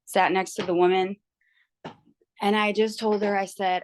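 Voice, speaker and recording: A woman's voice: medium pitch, level tone, moderate pace, slight background noise. Tired young woman telling a story. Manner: candid, storytelling, quotes people in her retelling. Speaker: book club member. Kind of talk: casual video call chat. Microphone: video call.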